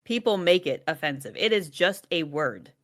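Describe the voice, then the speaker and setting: A woman's voice: fairly low pitch, expressive, normal speed. A woman who is a mother, co-hosting a casual podcast, talking frankly and laughing often. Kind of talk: casual chat.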